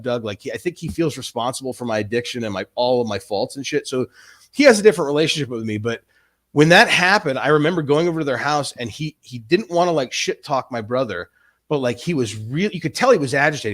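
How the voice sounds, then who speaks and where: A man's voice: medium pitch, a bit bright. A man in his forties on a casual livestream, talking in long rambling runs with many restarts and frequent swearing. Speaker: stream host.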